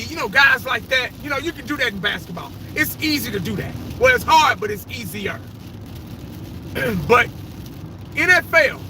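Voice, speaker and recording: A man's voice: very high voice, pushed and bright, slight background noise, low-quality recording. A man giving his casual, opinionated take on football greats, swearing freely and rambling as he goes. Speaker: fan vlogger. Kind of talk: casual sports opinion rant.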